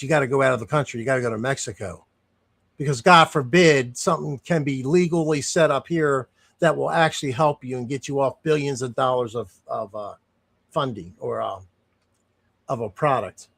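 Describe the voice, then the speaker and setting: Talking through his views loosely and without a script, this streamer has a gravelly voice that sits a little high for a man. He sounds indignant, frequently doubling back mid-sentence or drifting off on digressions.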